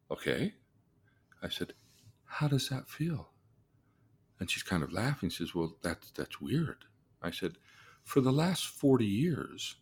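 A man with a somewhat low voice tells a case story as a therapist would. He acts out the people in it as he goes, dropping into soft, low asides and then rising into loud, excited bursts. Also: breathy edge. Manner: vivid storyteller, acts out the people in his stories.

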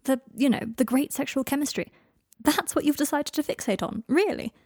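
A woman's voice: high-pitched, expressive, brisk, a little mellow, no room sound, studio quality, pitched above the performer's own voice. A woman voicing a wry, teasing young man in a read-aloud story, fond and playful in manner.

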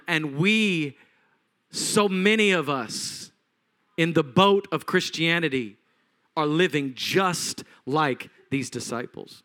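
High-voiced animated preaching man. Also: slow. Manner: animated storytelling, acting out voices, swings from loud to hushed. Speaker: pastor. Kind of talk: sermon.

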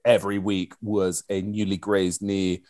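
A man in his thirties, a guest telling stories in a casual, animated way, swearing and using lots of fillers. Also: sits low, unhurried, dry recording. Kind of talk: casual conversational storytelling.

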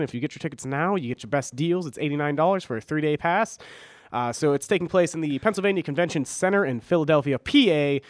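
A man's voice: fairly high pitch, dry recording, clean studio sound. A young man with a stuffy cold, co-hosting a casual college radio show, rambling and correcting himself with jokes. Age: young adult. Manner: rambling, self-correcting, jokey. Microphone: studio mic.

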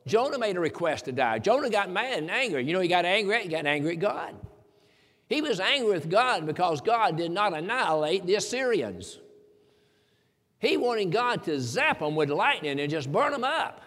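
A man's voice: high-pitched, very animated, moderate pace, a bit bright. A man preaching a sermon in a folksy, emphatic way, quoting scripture. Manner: folksy, emphatic preaching with King James quotes. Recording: long hall reverb.

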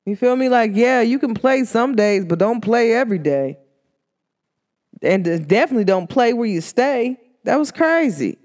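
A female vlogger gives a laid-back motivational monologue at a normal speed, full of slang and chatter. She laughs a lot, and her pitch swoops upward whenever she gets excited.

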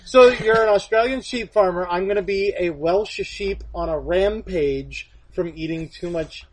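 A man's voice: sits high, unhurried. A man co-hosting a podcast in casual chat, joking and theatrical. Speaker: podcast co-host.

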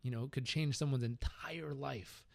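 A man's voice: mid-range voice, measured pace, vocal fry. A man hosting an interview, responding in a reflective, affirming way. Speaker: podcast host. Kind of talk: interview conversation.

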